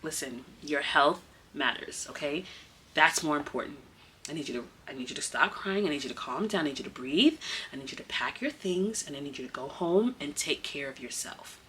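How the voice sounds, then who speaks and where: A woman voicing a calm, firm female school principal who speaks in a steady, reassuring way. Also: low-pitched, brisk, slight background noise, voice pushed down. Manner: soothing, steady, insistent.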